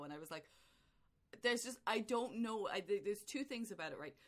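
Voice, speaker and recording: A woman co-hosting a podcast, chatting casually about a movie, animated and laughing often as she rambles through her story. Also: mid-range voice, normal speed. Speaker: podcast co-host.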